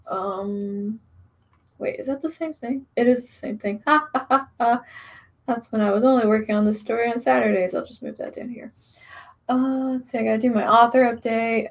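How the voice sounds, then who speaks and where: Woman, young adult, casual streamer chat, rambling, gravelly voice, middle pitch. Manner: chatty, rambling, many fillers, reads comments aloud. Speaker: author streamer. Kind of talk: casual live-stream chat, reading chat comments.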